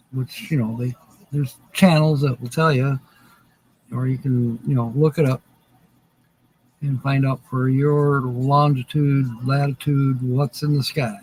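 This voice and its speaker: Husky-voiced man rambling on a live stream. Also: mid-range voice, level tone, measured pace, pauses often, darkish tone, rough recording. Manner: rambling, filler-heavy. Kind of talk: casual live-stream chat.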